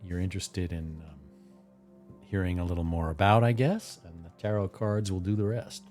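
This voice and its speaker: A man's voice: low-pitched, normal speed, soft background music. A man hosting a live tarot reading stream, chatting casually, telling stories and chuckling often. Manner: animated, chuckling, relaxed. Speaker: tarot reader and livestream host.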